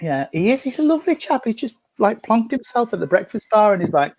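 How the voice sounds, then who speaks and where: Gentle man, higher voice. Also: very animated, brisk. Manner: chatty, gentle, full of endearments. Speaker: spiritualist medium. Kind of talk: mediumship reading in an online service. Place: at home at a breakfast table.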